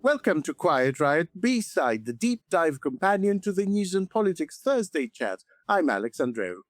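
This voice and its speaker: A man co-hosting a podcast, giving a wry, measured scripted intro. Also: a little high, sing-song, no echo. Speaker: podcast co-host. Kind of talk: scripted show intro and chat.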